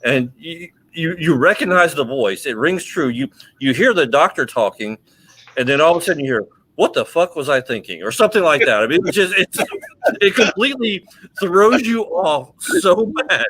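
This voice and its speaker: Bright-voiced man hosting a livestream. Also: on the high side, lively intonation, normal speed, low-quality recording. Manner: enthusiastic, stumbling restarts. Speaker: livestream host. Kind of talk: casual livestream chat.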